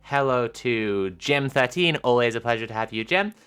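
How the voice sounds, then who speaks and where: A woman streamer chatting casually with her viewers, animated and giggly, rambling with lots of filler sounds. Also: very deep voice, normal speed, smooth. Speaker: live streamer.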